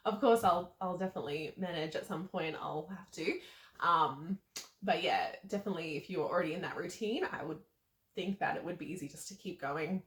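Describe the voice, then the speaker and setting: A woman's voice: lowish voice, a bit bright. A pregnant woman in her twenties, slightly out of breath, chatting to camera with lots of ums and small laughs. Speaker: vlogger. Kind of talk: casual talk to camera. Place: seated indoors. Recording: roomy echo.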